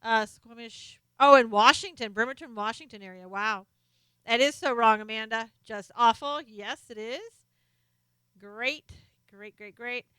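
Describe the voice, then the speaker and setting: A woman's voice: on the high side, a little slow, sharp tone, clear, resonant tone, no room sound. A middle-aged woman hosting a casual live stream, chatting as she reads out viewers' names and comments, sometimes turned away from her desk mic. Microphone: desk microphone, sometimes off-axis.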